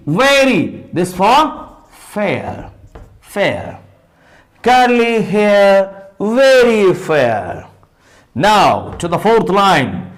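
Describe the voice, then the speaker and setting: Male English teacher, Indian English accent, high and lively pitch, spells out words and answers his own questions. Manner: spells words letter by letter and counts sounds aloud. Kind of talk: phonetics lesson.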